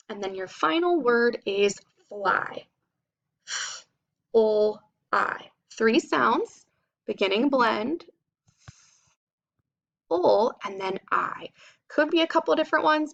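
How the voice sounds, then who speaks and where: Woman teaching phonics, slight vocal fry. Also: on the high side, lo-fi sound. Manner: slow, clear spelling-out of sounds. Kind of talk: phonics lesson for children.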